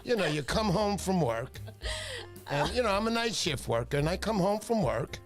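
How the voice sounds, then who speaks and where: Middle-aged male livestream host, high and animated, loud and exuberant. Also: normal speed, soft background music. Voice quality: loud, exuberant, shouts names. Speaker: fishing show host. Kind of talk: excitable livestream chat.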